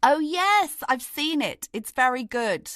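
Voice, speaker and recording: Animated, fairly high-voiced woman co-host. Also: unhurried, no echo, clean studio sound. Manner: chatty, rambling, animated. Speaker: podcast co-host. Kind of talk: casual chat.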